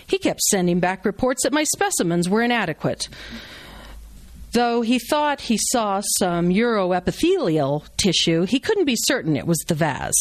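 A woman's voice: mid-range voice, sing-song, moderate pace, no room sound, close to an everyday voice. A woman reading as a wisecracking male surgeon. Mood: joking. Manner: blunt, wisecracking, instructive. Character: brash joking male surgeon teaching a procedure. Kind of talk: reading a novel aloud to a live audience.

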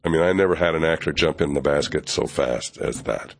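An older man, a television writer and producer, telling a behind-the-scenes story in an interview, animated and acting out other people's lines, with frequent fillers and restarts. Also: extremely low pitch, brisk, creaky.

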